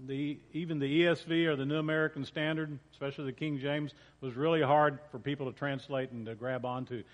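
A man preaching as a pastor, reading scripture in a casual way and often repeating and correcting himself. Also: a little high. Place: church sanctuary. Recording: long church reverb.

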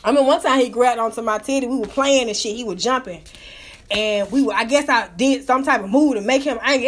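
A woman with a high voice tells a rambling story in a casual, animated way. She swears freely and keeps up a lively, conversational delivery. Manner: profane, animated, breaks into laughter.

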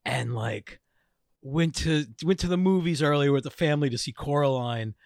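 A man's voice: fairly high pitch, normal speed, dry recording, studio quality. A man in his forties co-hosting a podcast, telling crude stories in casual chat with lots of laughter. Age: 40s. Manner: animated, laughing storyteller, crude humor. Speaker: podcast co-host.

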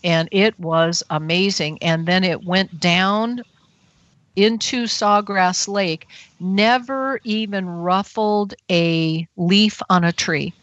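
Low-voiced chatty woman, lo-fi. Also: steady tone, fairly bright tone, no echo. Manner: chatty, many fillers, quick laughs. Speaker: radio show guest, field investigator. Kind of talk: casual storytelling. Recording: dull lo-fi internet radio audio.

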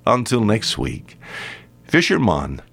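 A man preaching a weekly radio sermon, emphatic, swinging his pitch up high and then dropping low and quiet on key points. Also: wildly swooping pitch, slow, vocal fry.

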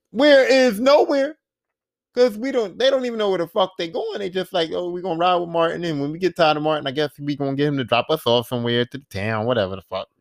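A man hosting a podcast, casually recapping a TV series in a profane, animated storytelling manner, acting out the characters' lines. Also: sits high, no room sound, studio quality. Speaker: podcast host.

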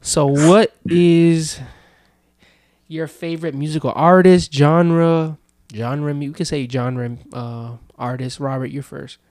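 A man's voice: fairly high pitch, steady tone, takes it slowly, darkish tone, no room sound, studio quality. A young man hosting a podcast, chatting casually and joking with friends. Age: young adult. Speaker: podcast host. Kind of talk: casual chat.

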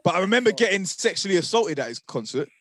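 A man's voice: sits high, quick pace, breathy edge. A man, co-hosting a podcast, telling stories in casual slangy chat. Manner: animated storyteller, slangy. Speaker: podcast co-host.

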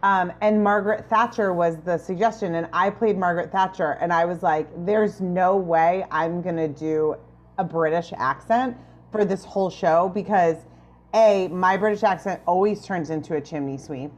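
A woman's voice: on the low side, moderate pace. Woman telling a story, slightly muffled audio. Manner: storytelling, hesitant with fillers. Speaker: improv performer, podcast co-host. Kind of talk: casual chat.

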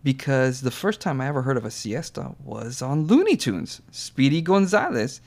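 A man's voice: medium pitch, big pitch swings, normal speed, a little mellow. A middle-aged American man hosts a casual podcast chat. He rambles through his points with plenty of fillers and laughs at his own lines. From United States. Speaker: podcast host.

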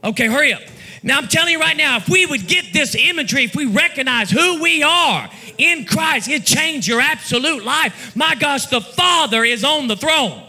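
A man preaching a fervent sermon in a church, building to shouts and breaking into tongues. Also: extremely high pitch, lively intonation, normal speed. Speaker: pastor. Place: church sanctuary.

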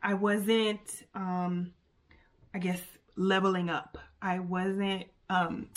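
A young adult woman hosting her own podcast, talking casually and warmly to listeners with plenty of fillers and asides. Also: medium pitch, very slow. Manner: chatty, animated, lots of fillers and asides. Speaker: podcast host. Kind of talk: casual solo podcast chat.

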